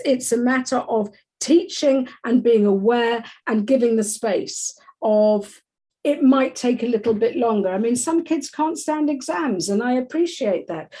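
Woman, interview guest, fairly high voice, chatty, hedging, restarts, acts out voices. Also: mellow, poor audio. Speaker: guest expert on anxiety. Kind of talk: casual interview talk.

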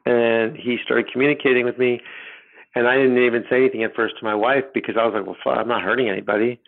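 A middle-aged man telling his personal story as a podcast guest, rambling and halting with many restarts. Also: mid-range voice, steady tone, creaky. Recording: tinny phone line.

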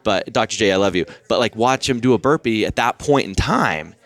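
Guest, man, 40s, very low voice, animated rambling storyteller, dry close mic. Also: a little fast, no room sound. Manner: animated, laughs often, many fillers and restarts. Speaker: podcast guest. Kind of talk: casual storytelling.

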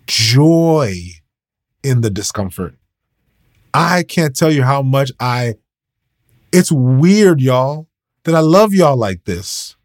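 A man's voice: mid-range voice, expressive, slow pace, no room sound, studio quality. A man preaching a casual livestreamed devotional, emphatic and repetitive, calling his listeners y'all. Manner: casual, emphatic, repeats key phrases, addresses listeners as y'all.

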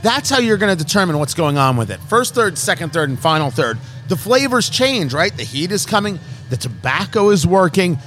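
A man's voice: sits high, very animated, brisk, few pauses, fairly bright tone, slight background noise. A man from Brooklyn and New Jersey hosting a casual cigar review chat. He talks in a brash, joking, showman-like way and teases his co-host. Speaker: podcast host.

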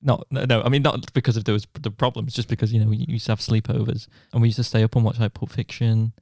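A man's voice: mid-range voice, little pitch movement, quick pace, creaky, a little mellow, dry recording, studio quality. Laughing, self-mocking young man. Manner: self-deprecating storytelling, laughs often. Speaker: podcast co-host. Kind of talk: casual chat.

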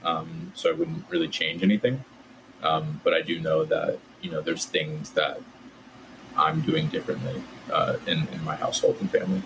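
Casting: low-voiced man, loose chatty storyteller, faint hiss behind. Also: normal speed, vocal fry. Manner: relaxed, many "like" fillers. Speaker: podcast guest. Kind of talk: casual storytelling.

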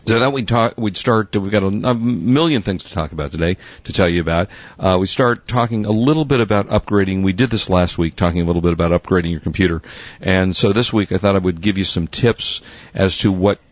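Deep-voiced man co-hosting a radio show. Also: a little fast, dry recording. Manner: genial, rambling, self-correcting. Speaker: co-host. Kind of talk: casual radio chat. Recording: dry, slightly dull studio mic.

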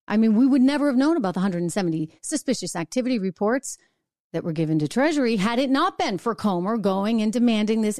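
A middle-aged woman hosts her own commentary show, firing off indignant rhetorical questions with a sarcastic edge. Her voice sits at an ordinary pitch and is recorded close and dry, with no room sound. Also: a little mellow, no echo. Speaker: show host. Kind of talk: opinion commentary monologue.

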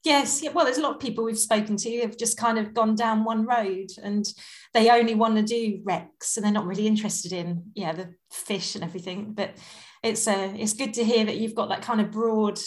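A woman co-hosting a podcast, chatting in a relaxed, agreeable way in a casual interview. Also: medium pitch, normal speed. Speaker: podcast co-host.

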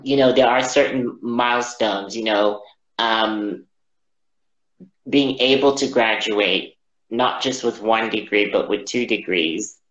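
A man telling a personal story as an interview guest, halting and reflective, often repeating his words. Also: fairly low pitch, fairly bright tone. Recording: roomy, dull lo-fi audio.

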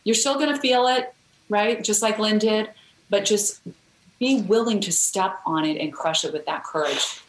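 A middle-aged woman speaking as a podcast guest, telling a story in an earnest way and often restarting her sentences. Her voice sits at a middle pitch and carries a roomy echo. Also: moderate pace, slight background noise. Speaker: guest, author. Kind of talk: podcast interview chat.

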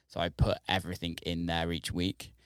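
A man with a very deep, smooth voice hosts a casual interview. He talks in a relaxed, halting way and swears casually. The sound is dry and close. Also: no room sound. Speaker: podcast host, DJ.

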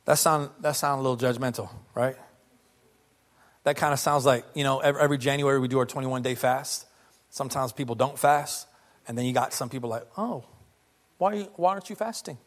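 A man preaching a sermon as pastor, conversational and lively, firing off rhetorical questions to the congregation. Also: mid-range voice, brisk.

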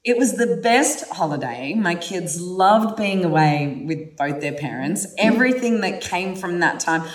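A woman's voice: lowish voice, measured pace. Brief: frank woman podcaster, casual storytelling, echoey room, mic set back. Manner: candid, animated, swears freely. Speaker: podcast host. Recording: roomy sound from a distant mic.

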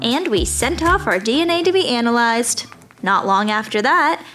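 Uma atriz interpreta uma atriz vaidosa e egocêntrica que narra o seu diário numa comédia em áudio, com voz aguda e muito expressiva. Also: female voice, fairly high pitch, lively intonation, normal speed, a bit bright, soft background music. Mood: chatty. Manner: breezy, self-centered diary narration. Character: vain self-absorbed actress keeping a diary. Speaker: narrator and lead character. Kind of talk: comedic audio drama.

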